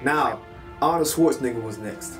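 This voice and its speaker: A British man telling a story in a casual, animated way to his viewers, now and then breaking into loud film impressions. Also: medium pitch, normal speed, recorded from a distance, over music. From United Kingdom. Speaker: vlogger.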